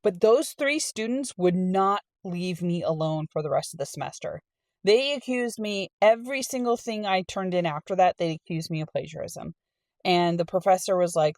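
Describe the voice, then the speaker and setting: Chatty woman with a low voice. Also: moderate pace, no room sound. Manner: chatty and animated, acts out quoted people. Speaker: storytime reader and channel host. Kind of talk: casual storytime reading with personal anecdote.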